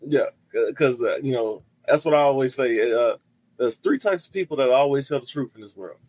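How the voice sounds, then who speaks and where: A man co-hosting a casual podcast, telling a story in an animated way, laughing often and repeating himself. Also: mid-range voice, fairly quick, no room sound, low-quality recording. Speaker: podcast co-host.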